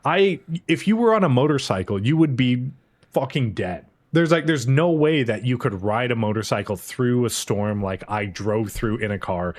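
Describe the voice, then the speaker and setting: A man's voice: mid-range voice, moderate pace. Man recapping an episode on a podcast. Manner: animated, profane storytelling. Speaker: podcast co-host.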